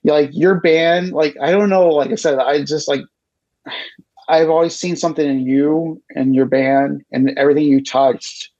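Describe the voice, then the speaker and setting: A man's voice: a little high, steady tone, normal speed, a little mellow. A man guest on a podcast, talking in an emotional, gushing, casual way. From Chicago area. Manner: emotional, gushing, repeats "you know what I mean". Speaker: podcast guest, record shop co-owner. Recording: dull lo-fi sound.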